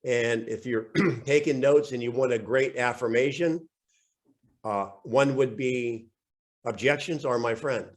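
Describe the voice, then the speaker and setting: A man's voice: mid-range voice, a little slow. A man hosting a real estate coaching call, upbeat and joking, his voice weak and a bit scratchy from overuse, speaking into a computer mic on a video call.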